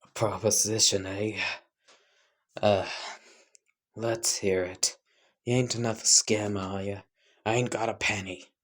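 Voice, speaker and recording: A man voicing a gruff, wary homeless man in a fan story, with a rough slangy drawl and a husky voice. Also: fairly low pitch, fairly even intonation, measured pace, long pauses. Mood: suspicious.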